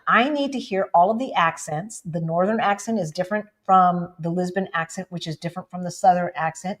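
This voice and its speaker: A woman from the United States co-hosting a casual livestream, chatting with viewers and often asking "right?". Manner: animated, jumps up in pitch for emphasis. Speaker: livestream co-host.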